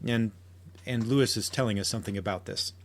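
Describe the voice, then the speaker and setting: A man's voice: fairly low pitch, fast. A man hosting a podcast, making an earnest argument with frequent restarts and quotations. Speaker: podcast host. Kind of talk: solo podcast commentary.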